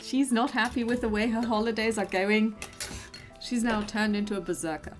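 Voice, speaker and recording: A woman's voice: a little high, steady tone, normal speed, soft background music. A woman narrating a tabletop horror game as game master, friendly and hesitant, with many fillers.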